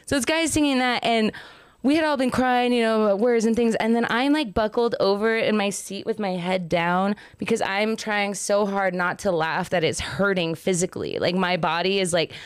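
A woman's voice: mid-range voice, moderate pace, clear, resonant tone, no room sound, clean studio sound. A young woman hosting a podcast, chatting casually and acting out the people in her story. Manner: rambling storyteller, acts out quotes. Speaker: podcast host. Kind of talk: casual chat.

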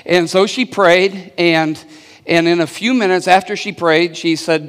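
In a church hall, a pastor preaches a sermon in a high, slightly bright voice, steady in tone and measured in pace, with the long reverb of a large hall. He tells a story and calls on the congregation to answer back, frequently restarting and repeating his words.

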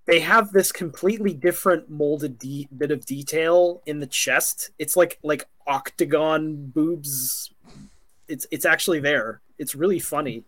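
A man's voice: fairly high pitch, measured pace, fairly bright tone. A man talking in a casual podcast chat who rambles and keeps correcting himself.

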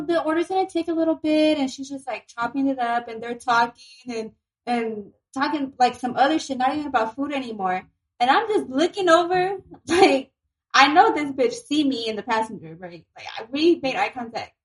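A woman's voice: high-pitched, rough recording. A woman in a casual chat, teasing and gossipy, laughing often as she talks.

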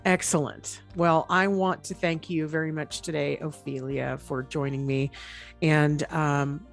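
A woman's voice: low-pitched, fairly even intonation, measured pace, vocal fry, faint music behind. A woman hosting a casual podcast interview, chatty and swearing freely. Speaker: podcast host.

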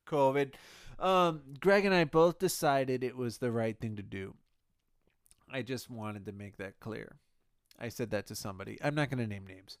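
A man delivering a rambling comic monologue, halting and sheepish, often correcting himself mid-sentence. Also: medium pitch, fairly bright tone, clear, resonant tone, no echo, studio quality. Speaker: comedic monologue host.

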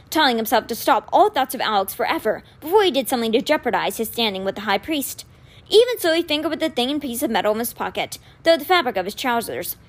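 Woman, novel read-aloud, expressive storytelling, animated, higher pitch. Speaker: reader. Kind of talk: reading a children's novel aloud.

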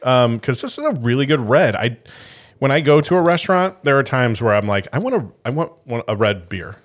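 A man's voice: mid-range voice, animated, a little fast. A man co-hosting a podcast, chatting casually, joking and laughing easily. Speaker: podcast co-host. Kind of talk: casual chat.

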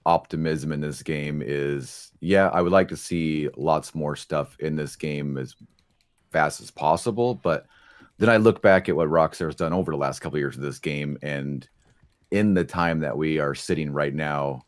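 A man's voice: a bass voice, moderate pace, no room sound, studio quality. A man appearing as a guest on a livestream, answering questions in an easygoing way and laughing often. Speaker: guest on a stream. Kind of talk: casual interview talk.

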